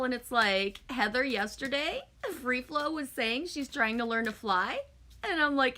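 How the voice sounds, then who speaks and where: Woman streamer, loose and chatty, sweary, reading out comments, bright voice. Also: high voice, animated, measured pace. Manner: chatty, swears often, sometimes refers to herself as "me". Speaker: live streamer chatting with viewers. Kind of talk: casual live-stream chat.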